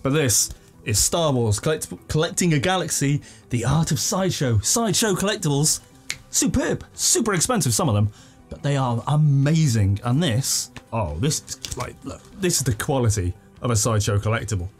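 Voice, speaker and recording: A young man hosting an unboxing video at home, chatting with excited enthusiasm and laughing now and then. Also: medium pitch, fairly quick, faint music behind. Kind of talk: casual unboxing commentary. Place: living room at home.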